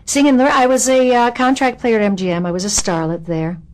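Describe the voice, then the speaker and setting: A woman's voice: fairly high pitch, level tone, fast, darkish tone. Woman in her 70s, actress doing an interview, candid and wry, lots of little asides. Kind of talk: reminiscing interview.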